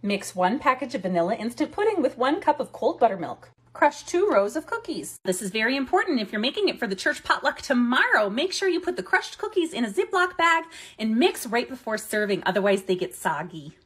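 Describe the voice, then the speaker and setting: A woman's voice: on the high side, very animated, a little fast, few pauses, fairly bright tone, breathy edge, pitched above the performer's own voice, exaggerated voice. A woman putting on a comic Minnesota accent, playing an exaggerated church-potluck mom who gives chirpy, homespun cooking instructions.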